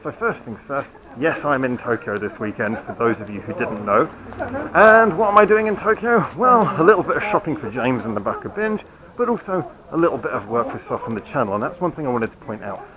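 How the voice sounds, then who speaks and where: A man's voice: medium pitch, big pitch swings, fast talker, muffled recording, a crowd in the background. Rambling man vlogging on a night walk. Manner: rambling, apologetic, self-mocking. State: hiccuping. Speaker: channel host. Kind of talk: casual walking vlog update. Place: quiet city street at night, outdoors. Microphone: handheld camera while walking.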